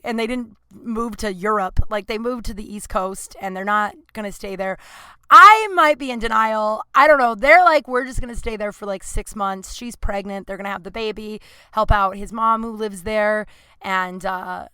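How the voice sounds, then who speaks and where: Bright, clear-voiced woman podcasting casually. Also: medium pitch, dry recording. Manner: candid, swearing, rambling with restarts. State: sore throat. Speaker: podcast host. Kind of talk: casual chat. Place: Los Angeles.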